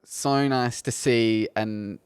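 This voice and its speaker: Male podcast co-host, easygoing and agreeable, mid-pitched, dry close sound. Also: fairly even intonation, clear, resonant tone, no room sound. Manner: laid-back, agreeable, halting phrasing. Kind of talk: casual film discussion.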